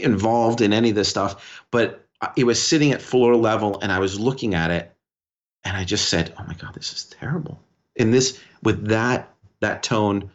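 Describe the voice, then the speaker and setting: A man co-hosting a podcast, telling a story in a rambling, animated way with lots of restarts. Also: fairly low pitch, lo-fi sound. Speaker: podcast co-host. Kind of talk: casual podcast conversation.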